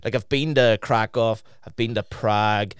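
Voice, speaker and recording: Smooth-voiced man telling stories. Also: lowish voice, moderate pace, dry recording, studio quality. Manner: swearing, lively anecdote-telling, laughs mid-story. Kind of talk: casual chat.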